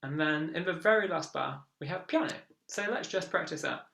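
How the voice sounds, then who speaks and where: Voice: mid-range voice, moderate pace, gravelly, a bit bright. A viola teacher giving an online lesson, encouraging and counting beats aloud. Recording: echoey room with viola playing.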